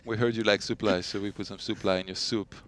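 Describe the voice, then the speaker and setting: A young man from France, speaking English with a French accent, co-commentating and analysing an esports match in a relaxed way with dry jokes. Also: fairly low pitch, fast, dry recording. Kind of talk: live game analysis, casual banter.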